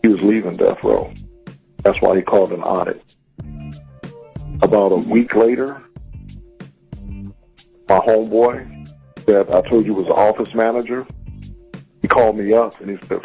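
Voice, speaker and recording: A man's voice: on the low side, fairly even intonation, normal speed, vocal fry, long pauses, darkish tone, slightly rough, soft background music, rough recording. A man, a former security guard, telling a story animatedly and acting out other people's lines. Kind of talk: storytelling with quoted dialogue.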